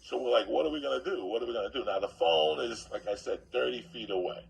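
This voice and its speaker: A man telling a profane comic story in a loud, animated way, acting out other people's lines. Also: medium pitch, fast talker, low-quality recording. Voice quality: gravelly.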